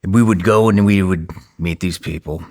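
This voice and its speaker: A man's voice: deep voice, normal speed, darkish tone. A man hosting a podcast, telling war stories in a blunt, matter-of-fact way with some swearing. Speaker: podcast host. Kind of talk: conversational war storytelling.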